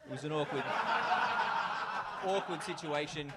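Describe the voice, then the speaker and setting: A man's voice: fairly high pitch, animated, takes it slowly, very noisy. A young man with an Australian accent doing a loose, chatty stand-up comedy set at a live venue, full of fillers and asides to the crowd.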